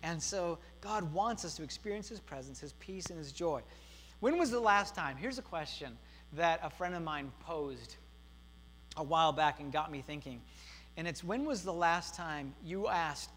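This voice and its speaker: High-pitched guy preaching in a church, earnest, says stuff twice, goes soft then loud, echoey hall. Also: animated, normal speed. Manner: earnest, repetitive, swings from emphatic to hushed. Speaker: pastor. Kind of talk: sermon. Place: church sanctuary. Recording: hall reverb with faint mains hum.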